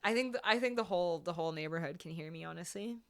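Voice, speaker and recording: A woman's voice: on the low side, fast talker, a little hiss or hum. A young woman hosting a singing livestream from a home room with foam sound panels, chatting casually with her viewers. She repeats her phrases and laughs between them. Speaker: livestream singer and host. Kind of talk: casual chat with live chat.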